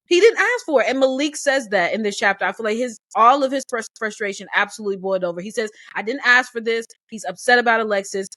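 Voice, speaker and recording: A woman co-hosting a casual book club discussion, animated and opinionated, acting out the characters' lines as she talks. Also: fairly high pitch, fast talker, few pauses, no echo, studio quality.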